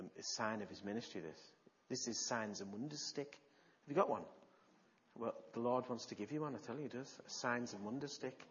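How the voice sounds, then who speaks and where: Animated man preaching a sermon. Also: mid-range voice, highs cut off. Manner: animated storytelling with gasps.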